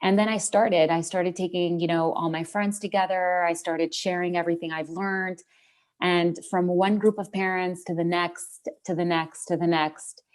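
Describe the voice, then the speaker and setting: A woman's voice: on the low side, fairly even intonation, normal speed. A woman guest on an interview podcast, earnestly retelling a story about parenting with many restarts and fillers.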